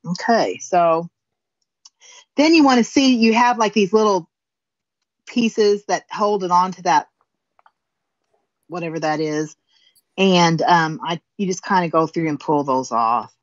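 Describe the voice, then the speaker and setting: A woman's voice: on the low side, unhurried, pauses often, no room sound, highs cut off. A woman with a southern Indiana accent, chatting folksily as she demonstrates a finishing technique step by step. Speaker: guest crafter demonstrating finishing. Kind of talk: casual demonstration chat.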